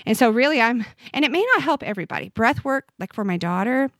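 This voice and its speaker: A woman's voice: a little high, expressive, fast, fairly bright tone, no echo. Earnest woman guest, dry close sound. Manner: earnest and reflective, speaks from faith. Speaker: podcast guest, author. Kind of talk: conversational interview.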